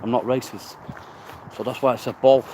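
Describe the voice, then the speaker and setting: A man's voice: mid-range voice, steady tone, normal speed, darkish tone. Breathless man rambling outdoors. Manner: rambling, blunt, swears casually. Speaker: recovery vlogger. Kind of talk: casual walking vlog. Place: outdoors, walking in nature. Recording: outdoor noise, wind and birds.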